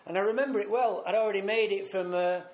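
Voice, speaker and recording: A man's voice: sits high, quick pace, a little mellow. A man with a Manchester accent giving a frank, self-mocking recovery testimony to a retreat audience. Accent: Mancunian. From England. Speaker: recovery speaker. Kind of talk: personal testimony talk. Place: retreat hall. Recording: echoey hall.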